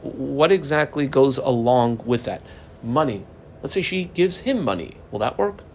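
A man teaching a Talmud passage line by line, animated and jumping up in pitch for emphasis. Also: a little slow, slight background noise. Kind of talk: explaining a text line by line.

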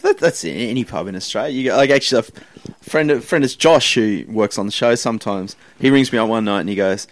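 A man's voice: on the low side, quick pace, hardly any pauses, no room sound. A man hosting a casual podcast who teases his guests and steers the conversation. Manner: teasing, steers the talk. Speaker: podcast host.

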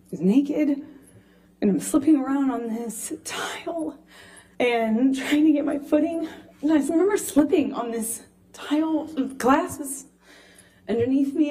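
A woman in her thirties giving testimony as a witness in a courtroom, speaking haltingly with frequent restarts into a witness stand microphone. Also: mid-range voice, dark tone.

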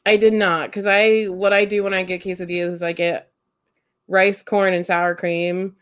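A woman's voice: medium pitch, level tone, normal speed, clean tone. A young woman from Central Ohio co-hosting a casual podcast, blunt and opinionated. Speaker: podcast co-host. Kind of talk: casual chat.

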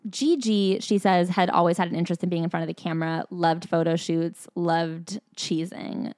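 A woman's voice: on the low side, fairly even intonation, normal speed, darkish tone, no echo, studio quality. A woman co-hosting a podcast, recapping a memoir in casual chat with wry, sarcastic asides. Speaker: podcast co-host.

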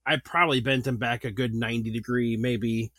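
A man's voice: medium pitch, a little fast, dry recording, clean studio sound. A man in his thirties, a podcast host, telling a story in a casual chat, laughing often and filling his talk with "like.". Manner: animated storytelling, laughs often, many fillers.

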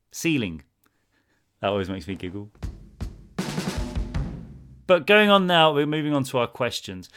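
A man's voice: medium pitch, fairly bright tone. A man co-hosting a podcast, chatting in a friendly way and reading listener questions aloud. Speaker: podcast co-host. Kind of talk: casual podcast chat.

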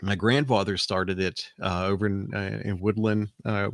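A man's voice: lowish voice, flat delivery, moderate pace, vocal fry, no echo, clean studio sound. A man from the American South with a Southern accent, telling a rambling family story in casual chat, with frequent restarts. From Alabama, US South.

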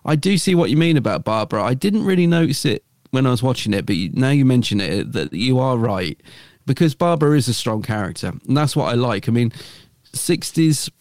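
A podcast co-host with a mid-range, expressive, slightly mellow voice chats casually and fairly quickly, rambling a bit with lots of fillers and false starts. The sound is clean studio audio with no echo.

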